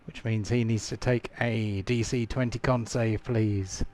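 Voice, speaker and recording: A man running a tabletop game as game master, thinking aloud with frequent fillers and halting restarts. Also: on the low side, steady tone, darkish tone.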